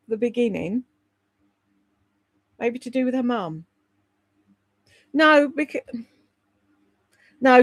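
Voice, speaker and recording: A mid-range voice with vocal fry belongs to a woman hosting a livestream, with no room sound in the recording. She gossips bluntly, curses freely and responds to viewers' comments by name in a casual chat.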